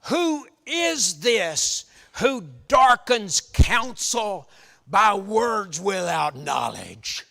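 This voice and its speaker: A preacher voicing God from the whirlwind: slow, booming, high and bright, hall echo. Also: male voice, very animated, creaky, exaggerated voice. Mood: thunderous. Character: God speaking from a whirlwind, thunderous and mighty. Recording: echoey hall reverb.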